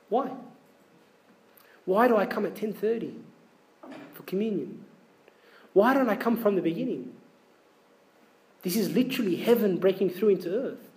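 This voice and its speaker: Male preacher, high voice, conversational sermon, asks the congregation questions. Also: darkish tone. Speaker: priest.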